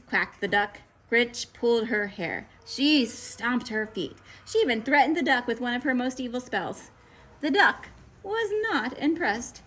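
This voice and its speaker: A woman reading a children's picture book aloud, with playful, expressive narration. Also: a little high, unhurried. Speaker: storybook reader.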